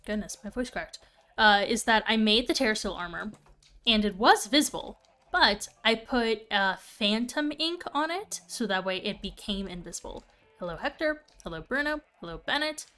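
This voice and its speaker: A woman's voice: medium pitch, expressive, moderate pace, pushed and bright, soft background music. A young woman casually chatting and thinking aloud while she plays a game on stream. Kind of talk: casual gameplay commentary.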